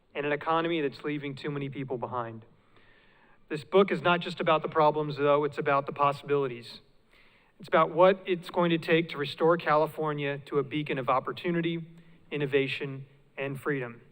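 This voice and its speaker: A man serving as event host, giving a formal, measured scripted introduction for a speaker. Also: fairly high pitch, a bit bright, clear, resonant tone. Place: large hall with a live audience. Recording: long hall reverb.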